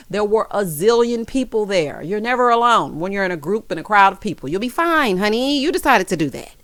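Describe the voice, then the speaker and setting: A woman recapping a reality show in casual, sassy commentary, calling viewers honey and child and breaking into loud, high laughs. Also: fairly quick, few pauses, no echo. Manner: sassy, animated, side-eye asides.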